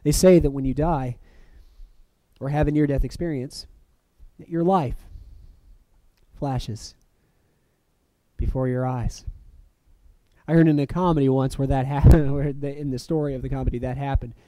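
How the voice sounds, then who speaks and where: A man preaching a reflective sermon, letting phrases fall soft and then lifting sharply for emphasis. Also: medium pitch, fairly even intonation, normal speed, pauses often, no echo. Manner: reflective, with soft dropping phrase ends and sudden lifts.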